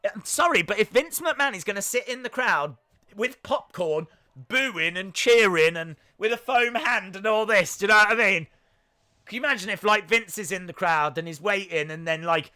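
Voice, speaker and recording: A young British man chatting away on a live watch-along, excitable and chatty. His voice sits high and bright, and he bursts into shouts when something grabs him. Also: moderate pace, smooth. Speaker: streamer.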